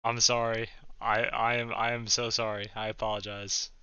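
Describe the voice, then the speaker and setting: Excitable young man, crisp bright voice. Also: on the low side, normal speed, lo-fi sound. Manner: excitable, jokey, sudden loud outbursts. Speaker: comedy YouTuber. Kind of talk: casual reaction commentary.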